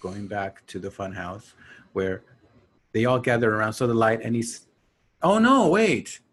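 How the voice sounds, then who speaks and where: A man's voice: fairly low pitch, lively intonation, a little slow. A man casually retelling a horror movie scene by scene, acting out the characters' lines and laughing often. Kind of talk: casual movie recap chat.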